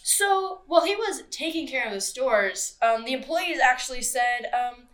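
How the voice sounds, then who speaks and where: A woman hosting a casual true-crime podcast, chatty and quick to swear and laugh. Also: high-pitched, animated, fairly bright tone. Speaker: podcast host.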